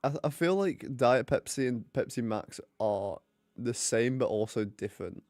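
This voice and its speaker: Brief: young male streamer, joking banter, middle pitch, dry unroomy mic. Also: moderate pace, darkish tone, dry recording. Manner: chatty, joking. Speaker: streamer hosting a hockey watch party. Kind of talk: casual live commentary and chat.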